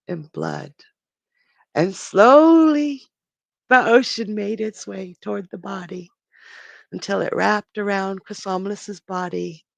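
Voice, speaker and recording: A storyteller on a live stream, narrating a myth dramatically, with pauses and restarts. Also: mid-range voice, vocal fry, no echo.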